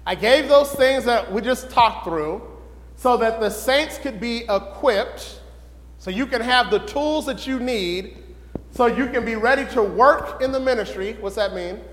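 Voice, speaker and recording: A man teaching a Bible lesson in sermon style, questioning the room and building to excited shouts. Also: very high-pitched, a little slow, long reverb tail.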